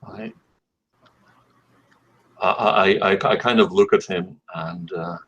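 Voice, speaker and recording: A man's voice: low voice, slow pace, gravelly, a bit bright. A man playing a tabletop game, describing his character's actions in a hesitant, rambling way. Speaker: player. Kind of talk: casual tabletop game talk.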